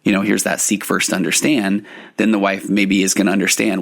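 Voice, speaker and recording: A man's voice: fairly low pitch, flat delivery, fairly quick, gravelly. A man who hosts a podcast and works as a couples therapist, explaining ideas in an earnest way and often restarting his phrases. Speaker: podcast host and marriage therapist. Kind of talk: solo podcast teaching.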